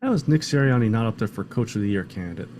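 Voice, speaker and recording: Male co-host with an animated, wry delivery in relaxed sports banter. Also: fairly low pitch, fast talker, noisy background. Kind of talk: casual sports chat.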